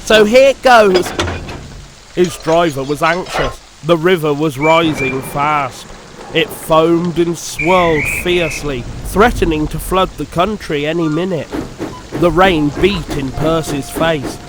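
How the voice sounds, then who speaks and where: Slow, measured male storybook narrator. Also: on the high side, fairly even intonation, low-quality recording. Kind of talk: storybook reading. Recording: narration over background music.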